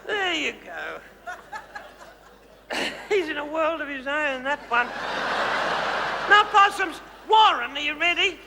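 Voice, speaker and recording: Comedy stage: a man as a very high-voiced, condescending housewife megastar, in a reverberant hall. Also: very animated, takes it slowly, creaky, long pauses, a crowd in the background, background noise, exaggerated voice. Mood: gushing. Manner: theatrical, condescending, gushing endearments. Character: flamboyant gushing suburban housewife turned megastar, woman. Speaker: host directing audience volunteers. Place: large hall.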